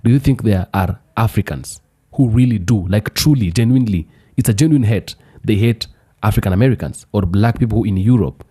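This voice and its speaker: A man delivering a commentary monologue, building slowly through repeated rhetorical questions. His voice sits low and sounds dark and mellow, with a husky edge. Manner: deliberate, repetitive rhetorical questions.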